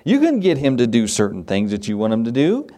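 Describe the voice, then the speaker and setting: A man's voice: mid-range voice, huge pitch swings, a little fast, mellow. A middle-aged man, a pastor, preaching a sermon in a folksy, conversational way with chuckling asides.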